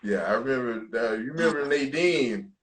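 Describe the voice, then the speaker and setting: A man's voice: mid-range voice, animated, normal speed. A man hosting a casual video-call chat, laid-back and laughing along with his guest. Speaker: host.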